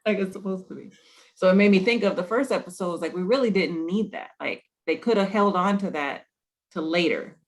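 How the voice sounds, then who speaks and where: A co-host of a show review, talking in a conversational way and calmly arguing a point. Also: medium pitch, brisk. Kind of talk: casual chat.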